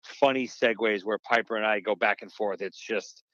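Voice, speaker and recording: A man's voice: lowish voice, steady tone, moderate pace, bright, forceful tone, dry recording. A man chats as a podcast guest, telling a long story full of restarts and asides. The audio is dry and close, with a slightly dull, lo-fi edge. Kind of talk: casual podcast interview.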